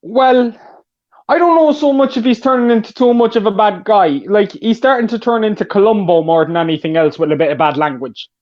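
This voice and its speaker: A man's voice: sits high, steady tone, a little fast. A man calling in to a podcast, talking in a hammy put-on Irish accent. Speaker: caller. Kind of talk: casual podcast call-in. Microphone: remote call. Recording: dull lo-fi remote call audio.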